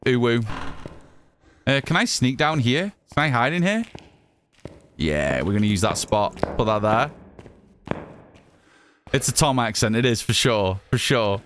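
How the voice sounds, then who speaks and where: A man's voice: medium pitch, big pitch swings, a little slow, long pauses, fairly bright tone, a little hiss or hum. An English man from the Northwest, chatting casually while streaming a game and answering his chat, often repeating himself. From Northwest England, Cheshire. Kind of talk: casual live gameplay chat.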